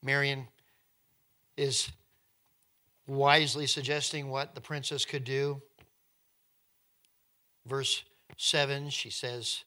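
In a mid-range voice, slowly and with long pauses, a man preaches a sermon as energetic storytelling. His delivery swings from hushed to loud, and he often says words again.

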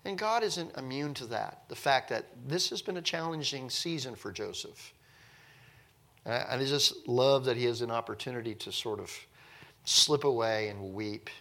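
A man leading a casual Bible study, rambling and animated, acting out the people in the passage. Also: medium pitch, normal speed, creaky. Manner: rambling, animated, acts out the people he talks about.

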